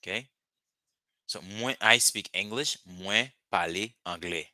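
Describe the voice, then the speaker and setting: A man teaching a live language lesson, patiently repeating words slowly for learners. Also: on the low side, bright, forceful tone, dry recording.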